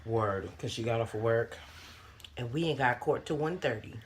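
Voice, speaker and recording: A woman chatting casually on a mukbang in a bedroom, animated and slangy, humming over her food. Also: extremely low pitch, normal speed, slight background noise. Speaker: mukbang co-host. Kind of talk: casual chat while eating.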